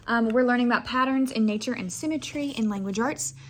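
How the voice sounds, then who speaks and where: A woman's voice: fairly high pitch, brisk. Chatty young woman teacher vlogging. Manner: chatty, rambling, many "like"s and "anyways". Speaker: elementary school teacher. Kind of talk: casual day-in-the-life vlog talk.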